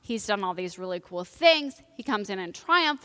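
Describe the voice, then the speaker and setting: A woman preaching a conversational sermon during a live church service. Her delivery is animated, swinging between loud excitement and hushed, grave moments. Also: medium pitch, moderate pace, hardly any pauses, clear, resonant tone. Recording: long church reverb.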